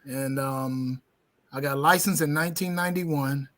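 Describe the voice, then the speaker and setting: A man's voice: medium pitch, a little slow, a bit bright. A man in his fifties, a pastor, talking earnestly and emphatically in a casual interview.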